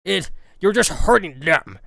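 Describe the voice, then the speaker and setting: A man voicing an older male teacher with a croaky voice who talks earnestly, recorded on a dry, close mic. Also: high-pitched, lively intonation, measured pace, pushed and bright, dry recording, exaggerated voice.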